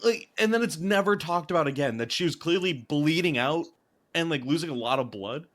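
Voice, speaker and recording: A man with a fairly high voice co-hosts a casual movie-review chat, piling on sarcastic, rambling mockery full of "like"s. His delivery is loose and conversational. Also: expressive, fairly quick, fairly bright tone. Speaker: podcast co-host.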